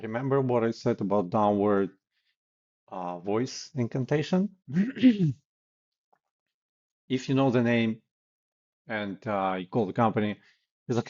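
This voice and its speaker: A sales trainer teaches phone sales techniques in a casual way, acting out sample cold-call lines as he goes. His mid-range voice is expressive and a little mellow, his pace a little slow with frequent pauses, and the sound is lo-fi.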